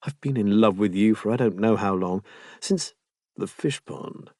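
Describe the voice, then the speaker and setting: A man voicing a witty, emotional young gentleman lover in an audiobook, tearful and teasing. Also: on the low side, moderate pace, no room sound, clean studio sound, close to an everyday voice. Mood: tender.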